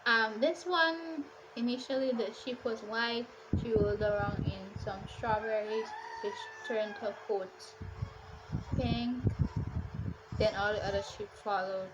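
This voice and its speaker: A woman's voice: on the high side, steady tone, measured pace, noisy background. A woman chatting casually through a book wrap-up, with exasperated rhetorical questions and a lot of "like.". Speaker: book reviewer.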